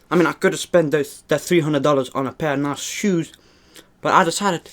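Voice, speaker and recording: A young man hosting a mukbang vlog, talking to the camera in a rambling, earnest way and often calling his viewers "man". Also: on the high side. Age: young adult. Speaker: mukbang vlogger. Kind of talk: casual talk to camera while eating.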